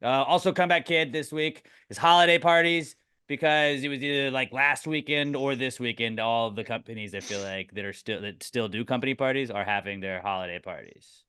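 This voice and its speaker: A young man with a bright, forward voice and a smooth, clear tone, co-hosting a podcast. He tells loose, profane stories in easy chat and mimics tough guys when he quotes them. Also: mid-range voice, brisk. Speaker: podcast co-host. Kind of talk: casual chat.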